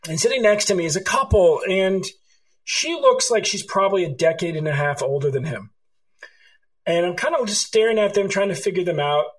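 A man's voice: sits high, brisk, poor audio. A middle-aged man from California, an author telling stories in an interview and acting out the dialogue. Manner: animated storyteller, acts out dialogue. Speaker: author and guest. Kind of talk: storytelling interview answers.

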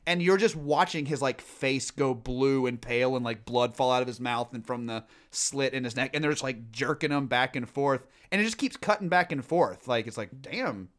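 A man's voice: medium pitch, normal speed, few pauses. A man co-hosting a podcast, chatting casually and telling long stories with lots of fillers and restarts. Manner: rambling, animated storytelling with many fillers. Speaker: podcast co-host. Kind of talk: casual chat.

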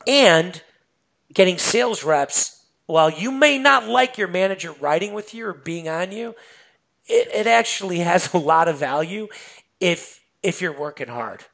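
A man's voice: high voice, a little slow, gravelly. A man guest on a podcast, a sales manager chatting casually and telling stories with lots of fillers. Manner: animated storytelling, many fillers.

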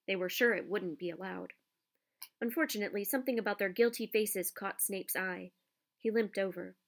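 A woman narrating a children's storybook in a measured, expressive reading. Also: medium pitch. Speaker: audiobook narrator.

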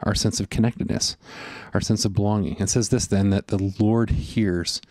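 Speaking at a normal speed with a steady, darkish, lowish voice, this pastor delivers his sermon earnestly and conversationally. He uses fillers and frequently speaks his inner monologue aloud, with no echo in the audio.

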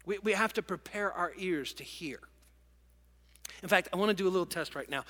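Middle-aged guy preaching in a big church, high bright voice, lively storytelling, long hall reverb. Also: brisk. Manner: animated storytelling, emotional. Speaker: pastor. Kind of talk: sermon. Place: large church auditorium with congregation.

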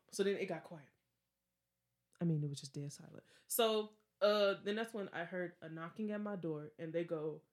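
A woman's voice: medium pitch, a little fast. A young woman hosting a podcast, casually telling a ghost story and acting out the other people's lines. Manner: animated, acts out quotes with laughs. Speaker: podcast host.

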